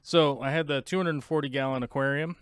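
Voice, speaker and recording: A man's voice: mid-range voice, steady tone, brisk, clean tone, no room sound, studio quality. A man hosting a casual livestream chat, rambling and self-mocking as he talks. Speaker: podcast host.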